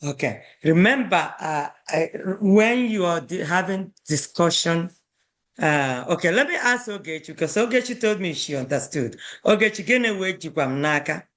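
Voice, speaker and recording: A woman's voice: fairly low pitch, lively intonation, normal speed, a bit bright. A woman teaching a language class, patiently correcting students' pronunciation and modeling words with emphasis.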